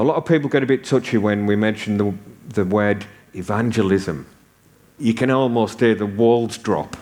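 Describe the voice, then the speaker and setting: Man preaching, low voice. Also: darkish tone. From north of England. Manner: conversational storytelling with humor. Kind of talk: sermon.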